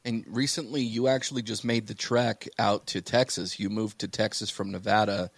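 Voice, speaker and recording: A man with a low voice hosts a casual podcast. He talks in loose, rambling runs with plenty of fillers and restarts. The recording is dry and close to the mic. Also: steady tone, moderate pace, vocal fry, dry recording. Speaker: podcast host.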